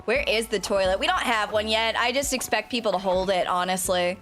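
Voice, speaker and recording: A young woman vtuber chatting casually as she plays a game, swearing and breaking into sudden shouts. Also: medium pitch, fairly quick, soft background music. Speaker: vtuber streamer. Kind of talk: casual gameplay commentary.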